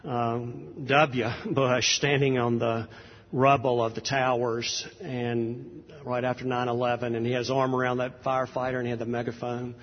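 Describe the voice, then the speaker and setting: A pastor talks to his congregation in a loose, anecdotal manner, full of "ums" and restarts. His mid-pitched voice is a little husky. The dull, lo-fi recording carries long hall reverb. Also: flat delivery, normal speed. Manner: conversational and anecdotal, with frequent fillers. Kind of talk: sermon introduction.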